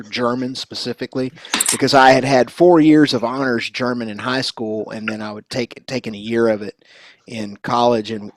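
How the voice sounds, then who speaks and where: A man's voice: medium pitch, a little hiss or hum. An American man hosting a live stream, chatting casually in a talkative, rambling way. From United States. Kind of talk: casual group chat.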